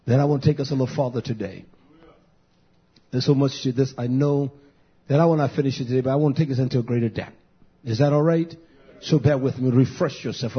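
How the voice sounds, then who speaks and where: A man preaching a fiery sermon, blunt and emphatic, moving between shouted lines and low muttering. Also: husky, highs cut off.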